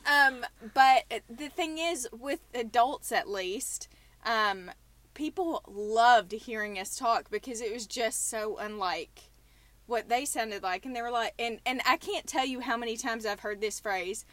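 A woman's voice: fairly high pitch, measured pace, fairly bright tone, no room sound. A woman in her forties with a Southern US accent, hosting a podcast in a casual, chatty way. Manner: chatty, laughing storyteller. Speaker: podcast host.

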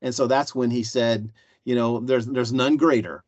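A man's voice: mid-range voice, steady tone, normal speed, no echo. Hesitant man on a dull dry recording. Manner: hesitant, many fillers. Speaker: panel member. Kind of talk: church panel discussion. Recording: slightly dull dry sound.

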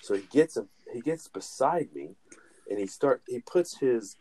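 A man's voice: medium pitch, lively intonation, a little slow, warm tone. A man co-hosting a podcast, telling a rambling, casual story and laughing along the way. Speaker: podcast co-host.

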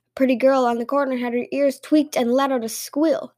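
A woman with a notably high voice reads fairy tales aloud as a podcast host. Her storytelling is lively and expressive. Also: fairly quick.

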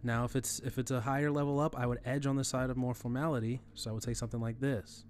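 A man's voice: medium pitch, little pitch movement, fast, darkish tone, a little hiss or hum. Casual man explaining with many restarts. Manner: conversational, many restarts and fillers, repeats himself. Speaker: teacher. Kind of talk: screen-recorded tutorial on email etiquette.

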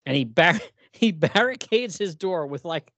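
A man's voice: fairly high pitch, expressive, measured pace, a bit bright, no room sound. A man co-hosting a casual podcast about old horror comics, reading the dialogue aloud in playful voices. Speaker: podcast co-host. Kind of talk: casual comic book discussion.

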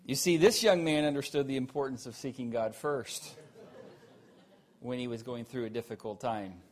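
A man preaching a sermon, earnest, asking the listeners questions, rising to emphatic peaks and then dropping low and quiet. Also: moderate pace.

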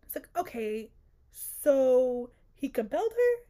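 A woman's voice: sits high, slow pace. A woman co-hosting a podcast, chatting casually and sassily about a book, often exasperated. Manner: sassy, exasperated, animated. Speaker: podcast co-host.

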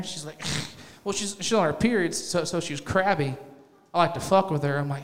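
Brief: male comic, 30s, high voice, crude and self-mocking stand-up, reverberant club hall. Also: expressive, moderate pace, a bit bright. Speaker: stand-up comedian. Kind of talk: profane stand-up set. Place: comedy club stage.

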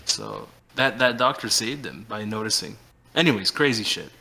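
Bright-voiced animated male podcaster. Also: on the low side, normal speed, slight background noise. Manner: animated storyteller, acts out quotes. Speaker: podcast co-host. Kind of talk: casual chat.

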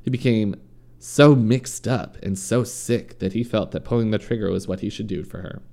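A man's voice: fairly low pitch, moderate pace, creaky, dark tone. A man reading a story aloud in a casual way, stumbling and correcting himself now and then. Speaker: podcast host reading a story. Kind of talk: casual true-crime reading.

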